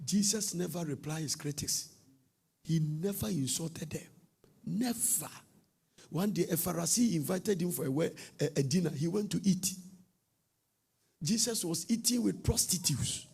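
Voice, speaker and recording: A middle-aged man preaching a sermon, swinging from soft, low talk to shouted, sing-song bursts. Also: expressive, a little slow, vocal fry, breathy edge.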